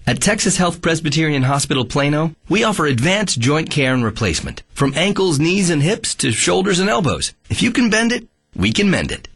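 A man's voice: fairly high pitch, big pitch swings, brisk, a bit bright, slightly rough. A man announcing a commercial in a playful, jokey scripted read.

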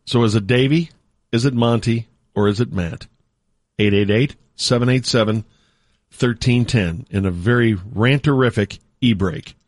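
A man hosting a sports radio call-in show, brisk and amused as he takes callers. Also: medium pitch, no room sound, clean studio sound. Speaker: radio host.

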